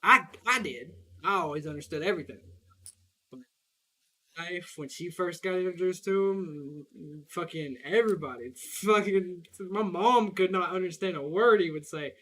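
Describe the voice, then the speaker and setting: A man's voice: sits high, normal speed, sharp tone. A young man with a Southern US accent, rambling in casual, profane chat while he plays a game, laughing often. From Southern United States. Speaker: gaming streamer.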